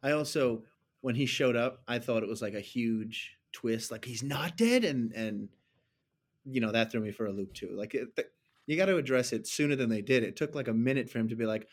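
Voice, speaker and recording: Chatting casually with friends about a movie, this man rambles, grows animated, and tosses in mocking asides. His voice sits in the middle of the male range, and he talks briskly.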